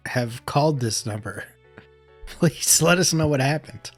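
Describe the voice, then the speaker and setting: A man's voice: mid-range voice, expressive, unhurried, soft background music. A man co-hosting a casual movie podcast, joking and mocking himself. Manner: joking, self-mocking banter. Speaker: podcast co-host.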